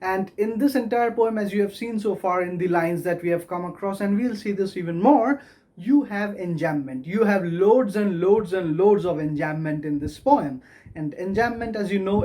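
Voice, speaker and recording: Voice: mid-range voice, warm tone. A lecturer giving a recorded video lesson on poetry, patiently explaining and tapping out the stressed beats of verse aloud. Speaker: literature lecturer.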